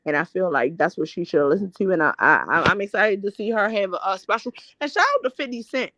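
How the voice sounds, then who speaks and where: A woman's voice: mid-range voice, fast talker, bright, forceful tone, no echo. A woman hosting a casual gossip chat, talking bluntly with lots of swearing and stop-start restarts. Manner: blunt and profane, rambling restarts. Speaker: host. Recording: dull lo-fi dry sound.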